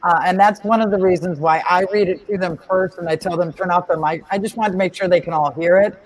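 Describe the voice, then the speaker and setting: A woman's voice: lowish voice, fairly even intonation, fast, rough recording. A woman teacher explaining, matter-of-fact, how she runs her online reading lessons.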